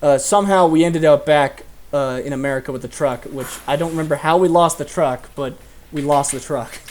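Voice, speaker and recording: A man's voice: fairly high pitch, brisk, a little hiss or hum. Young man telling stories animatedly. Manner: animated storytelling, laughing often. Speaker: host. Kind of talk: casual chat.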